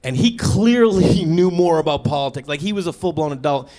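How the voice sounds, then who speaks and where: A man doing a stand-up comedy set on stage, acting out the people in his stories with sudden high, squeaky voices. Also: expressive, a little fast, warm tone. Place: theater stage before a live audience.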